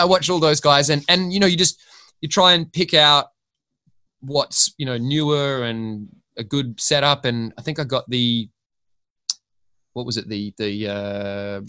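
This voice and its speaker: A man's voice: mid-range voice, pushed and bright, clear, resonant tone, no room sound. An Australian man, a podcast guest, rambling through a story in casual chat and swearing freely.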